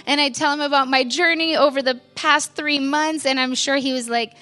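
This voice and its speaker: Bright-voiced woman giving a candid church testimony. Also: sits high, steady tone, normal speed. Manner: candid, conversational, lots of "like" fillers, laughs at herself. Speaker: pastor's wife giving a testimony.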